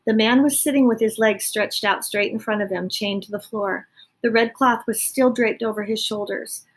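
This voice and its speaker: A woman reading a children's book aloud, with chatty asides and quick self-corrections. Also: fairly high pitch, steady tone. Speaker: reader.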